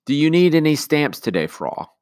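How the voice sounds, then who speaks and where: A man's voice: fairly high pitch, very animated, moderate pace, a little mellow, voice pushed up. A man voicing a courteous, formal middle-aged Swiss postmaster in a storybook reading.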